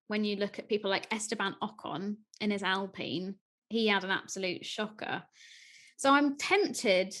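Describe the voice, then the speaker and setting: A woman's voice: medium pitch, a bit bright. Giggly British woman on a podcast. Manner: giggly, wavering. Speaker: podcast co-host. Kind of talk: casual chat.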